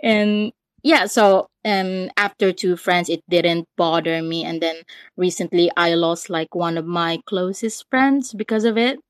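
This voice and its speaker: A Filipino woman in her twenties with a slight British tinge, calling in to a podcast, talking quickly with many ums and likes. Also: fairly low pitch, steady tone, clean tone, no echo. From Philippines. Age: 20s. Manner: quick, hesitant, many fillers. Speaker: caller. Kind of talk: casual call-in chat.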